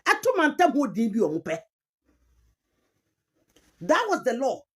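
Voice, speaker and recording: Ghanaian woman commentator, argumentative and insistent, higher voice with swinging pitch. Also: huge pitch swings, measured pace, breathy edge. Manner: emphatic, repeats key terms, mixes Twi with English. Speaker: commentator on chieftaincy history.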